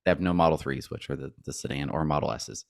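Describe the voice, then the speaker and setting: A man talking casually on a podcast, telling stories with lively acted-out back-and-forth exchanges. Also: rumbling low, fast talker, gravelly, no echo, clean studio sound. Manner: animated storyteller who acts out both sides of conversations. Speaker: podcast co-host.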